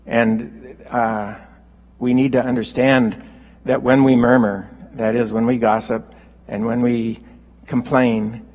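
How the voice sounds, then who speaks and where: A man preaching a sermon, unhurried and halting with fillers, rising when he quotes scripture. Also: mid-range voice, darkish tone, breathy edge, big-room sound, poor audio.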